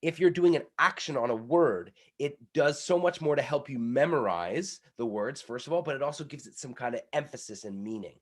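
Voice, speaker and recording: A man coaching public speaking, energetic and demonstrative, while he is sick. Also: fairly quick, hardly any pauses. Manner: energetic, demonstrative, shifts between loud pitch demos and quieter explanation. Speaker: pitch coach. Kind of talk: coaching workshop talk.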